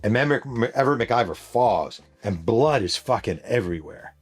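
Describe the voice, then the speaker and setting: A middle-aged man from New York State hosts his podcast with a fairly low voice. He tells the story in a loose, casual way, swears freely and adds quick spoken sound effects. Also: expressive, slightly rough, faint music behind. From New York State, USA. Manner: casual, profane, vivid retelling with sound effects. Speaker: podcast host and author.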